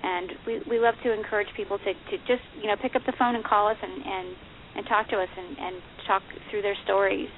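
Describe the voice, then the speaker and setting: A woman guest talks in halting bursts, often repeating words. Her voice is thin and phone-like, with a light hiss behind it. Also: mid-range voice, steady tone. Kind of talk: talk show guest. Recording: tinny phone line with hiss.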